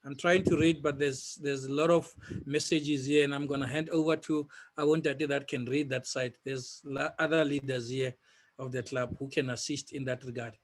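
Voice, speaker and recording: A South African man moderating a Q&A, asking questions in a deliberate, hesitant way. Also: medium pitch, fairly even intonation.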